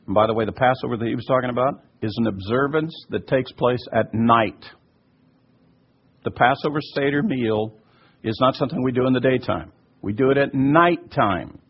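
A man's voice: medium pitch, gravelly, husky. A man teaching from scripture and answering listener questions, emphatic and fond of asides. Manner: emphatic, repeats "by the way". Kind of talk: teaching talk. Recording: muffled lo-fi recording.

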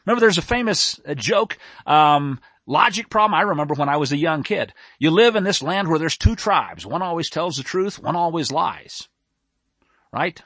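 A male preacher giving an animated, emphatic sermon on a scripture story, with a self-described nerdy bent. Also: on the high side, moderate pace, no room sound.

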